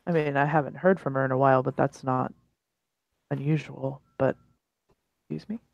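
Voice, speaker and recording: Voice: medium pitch, level tone, moderate pace, vocal fry, muffled recording. Game master narrating a tabletop game. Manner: casual, swears, narrates in present tense. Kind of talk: narrating and voicing a tabletop role-play.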